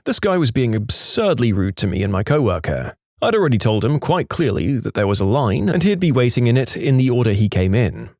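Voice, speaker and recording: A man narrating reddit stories aloud in a lively storytelling manner, voicing the quoted lines. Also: medium pitch, no echo, clean studio sound.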